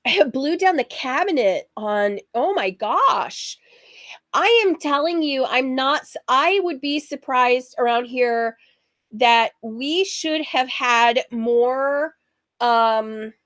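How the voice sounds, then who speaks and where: Slow-talking husky woman sewing host. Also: a little high, dry recording, studio quality. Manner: rambling, chatty, laughs often. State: husky from allergies. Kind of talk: casual chatty livestream.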